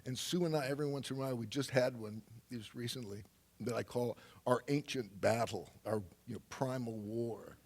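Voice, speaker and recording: A man's voice: medium pitch, normal speed, darkish tone. An older man telling a loose, rambling anecdote on stage to a live audience, full of fillers and laughs. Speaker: guest speaker.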